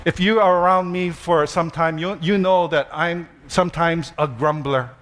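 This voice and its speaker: A man pastor, preaching a sermon with animated storytelling, self-deprecating humor and slow emphatic repetition. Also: on the high side.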